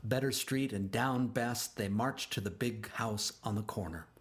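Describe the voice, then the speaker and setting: A man narrating a children's storybook aloud, expressive and slowing down for emphasis. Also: lowish voice.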